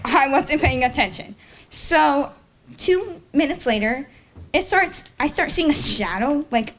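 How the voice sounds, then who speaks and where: A woman's voice: high voice, fairly bright tone. A young woman telling a personal story on stage at a live storytelling event, rambling and correcting herself and chuckling at her own tale. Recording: faint noise, live event.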